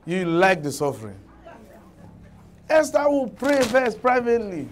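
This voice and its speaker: A man's voice: sits high, measured pace, slight background noise. A man preaching a sermon, telling stories and scolding his listeners with laughter in between. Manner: animated storytelling, laughing at his own points, scolding.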